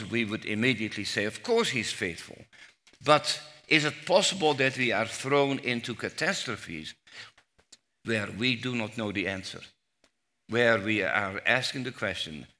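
A man preaching a sermon on the Psalms, slow and emphatic, rising to loud cries when he quotes scripture. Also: fairly low pitch. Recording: long hall reverb.

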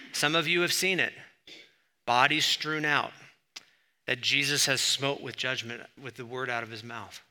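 A man preaching a sermon, conversational with asides, and rising loud when he reads scripture. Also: mid-range voice. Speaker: pastor.

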